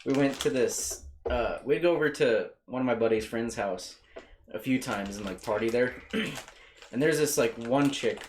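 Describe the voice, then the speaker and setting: A man hosting a podcast, rambling through a crude story in loose casual chat. His voice sits at a middling pitch. A faint noise hums under it. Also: moderate pace. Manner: rambling, profane storytelling with laughs. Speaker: podcast host.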